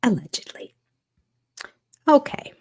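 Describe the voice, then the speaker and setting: A woman's voice: slow pace, darkish tone. An older woman hosting a casual livestream, chatting and reacting aloud as she reads viewer comments and a list of supporters' names. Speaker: channel host.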